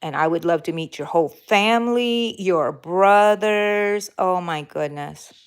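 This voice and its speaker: A woman's voice: lowish voice, a little slow, smooth. A woman hosting a crochet live stream, chatting casually and answering viewer comments while she crochets, rambling with fillers and self-corrections. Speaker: crochet livestream host.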